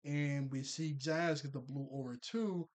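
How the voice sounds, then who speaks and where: A young man casually recapping a cartoon episode, chatty and quick to laugh, full of fillers and restarts. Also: mid-range voice, steady tone.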